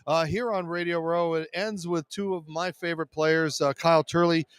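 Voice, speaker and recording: A high-pitched man signs off a sports talk show, tired and a bit hoarse from a long day of broadcasting. He rambles casually through sponsor plugs with plenty of fillers, close on a dry, direct mic. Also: steady tone, moderate pace, dry recording. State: tired, losing his voice. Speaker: show host. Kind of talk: live radio show sign-off with sponsor reads. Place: busy media row at a sports event.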